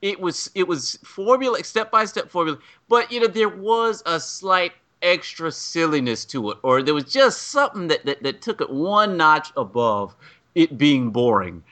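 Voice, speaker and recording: Lively bright-voiced man discussing a film. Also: a little high, normal speed. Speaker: podcast co-host. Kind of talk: casual movie review chat.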